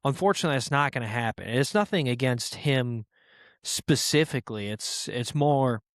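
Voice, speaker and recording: Man, podcast host, casual rambling comic monologue, smooth clear voice, dry close sound. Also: mid-range voice, expressive, moderate pace, no echo. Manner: rambling storyteller who swears casually and acts out quoted voices.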